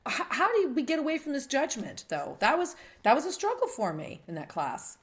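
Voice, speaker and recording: A middle-aged woman hosts an interview in casual conversation. She tells her stories with lively energy and acts out the voices of the people she quotes. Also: high-pitched, brisk. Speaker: host. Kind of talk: casual interview chat with storytelling.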